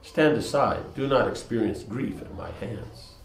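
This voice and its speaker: A man voicing a proud, mighty warrior prince in a story he reads aloud, speaking in a forceful, declaiming way. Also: mid-range voice, unhurried, vocal fry, echoey room, a little hiss or hum, poor audio. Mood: commanding.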